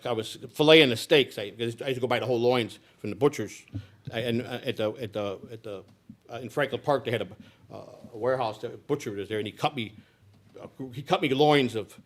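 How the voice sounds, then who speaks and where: A middle-aged man from the United States telling his life story bluntly and profanely, dropping to low mutters and then rising to loud outbursts. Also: fast. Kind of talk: raw personal storytelling.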